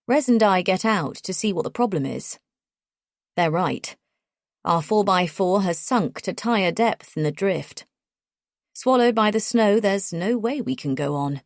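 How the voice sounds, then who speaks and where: A woman reads a first-person thriller aloud, measured and tense. Her voice sits a bit low, recorded close and dry with no room sound. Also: no room sound. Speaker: audiobook narrator.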